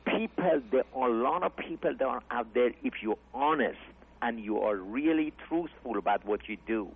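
A middle-aged man whose first language is not English, a comedy club owner telling stories in an interview, animated and acting out the voices of others. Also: medium pitch, moderate pace, slightly rough. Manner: animated storyteller, acts out voices, broken English. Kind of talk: storytelling in interview. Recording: tinny phone-like line.

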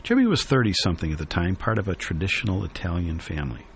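A man hosting a radio talk show, reading a newspaper column aloud in an earnest, reflective way with many pauses and fillers. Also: low-pitched, sing-song, vocal fry, slight background noise.

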